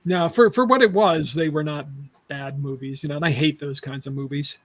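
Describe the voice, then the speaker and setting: A man's voice: fairly high pitch, moderate pace, fairly bright tone, dry recording. Blunt, opinionated man, dry close sound. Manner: blunt and opinionated, laughing often. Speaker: podcast co-host. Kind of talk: casual movie discussion.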